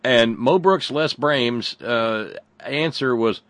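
A man hosting a radio call-in show, chatting in a halting, wry way and often repeating his words. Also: mid-range voice, fairly bright tone, no echo. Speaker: radio talk show host. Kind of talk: casual call-in chat.

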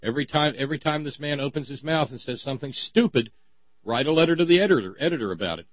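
A male talk radio host who rambles and stammers through restarts, dripping with sarcasm. His pitch leaps up and drops off in a lively way. The sound is dry and a little muffled. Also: quick pace, no echo.

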